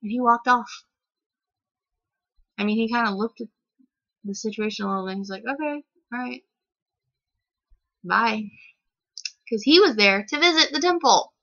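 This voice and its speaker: A woman's voice: on the high side, brisk, pauses often, bright, forceful tone. A woman vlogger telling a story in a casual, indignant, rambling way, full of "like". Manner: indignant and rambling, heavy use of "like". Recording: slightly dull lo-fi recording.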